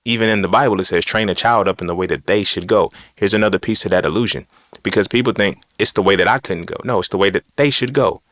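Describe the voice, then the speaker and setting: Quick-paced and fairly low, his slightly bright voice is captured in studio quality without echo. As a podcast host, he rants casually about philosophy and religion in a blunt, profane, preachy way, tossing out rhetorical questions.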